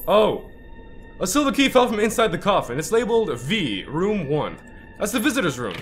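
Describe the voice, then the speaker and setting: A man playing a horror game and commenting, easily startled, swearing and yelling back at the ghosts. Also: sits high, very animated, moderate pace, faint music behind. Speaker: gaming channel host.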